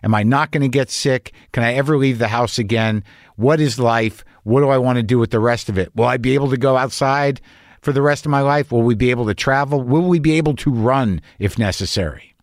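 A man's voice: mid-range voice, fairly quick, no room sound. A man riffs through an anxious, self-mocking comic monologue, swearing freely as he wanders from thought to thought. His voice sits in an ordinary male middle range, recorded close and dry with no room sound around it. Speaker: podcast host. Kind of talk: comedic monologue and casual chat.

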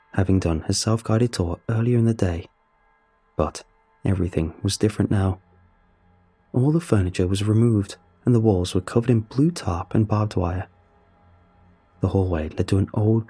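A young man narrating a first-person horror story in a somber, steady way. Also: deep voice, husky.

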